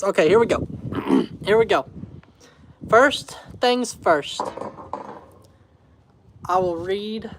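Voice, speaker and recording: Chatty high-voiced man rambling to viewers. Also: background noise. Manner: rambling, chatty, laughs often, talks to viewers as y'all. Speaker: homestead vlogger. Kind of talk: casual livestream chat. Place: indoors at home.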